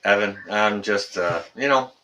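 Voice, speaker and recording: A man's voice: fairly low pitch, a little slow, bright, forceful tone. A man hosting a casual live stream, rambling, teasing his guest and reading out viewer comments.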